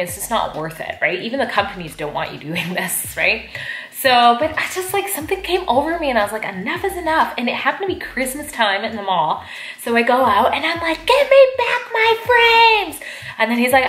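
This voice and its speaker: Folding laundry as she talks, this woman vlogger shares stories in an animated, chatty style packed with fillers, especially "like." Her voice is mid-range, and she jumps into loud outbursts during retellings. Faint music plays in the echoey space around her.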